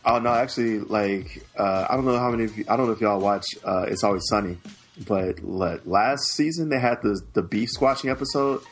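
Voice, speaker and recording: A man co-hosting a podcast in casual chat, telling stories in a profane, excitable way. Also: fairly low pitch, a little fast, slightly rough, faint music behind. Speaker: podcast co-host.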